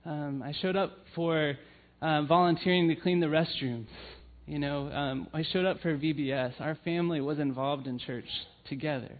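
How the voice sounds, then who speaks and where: A church family ministry leader gives a sermon, earnestly telling personal stories and filling them with frequent "um"s. His voice is fairly high at normal speed, and the recording sounds tinny, like a phone.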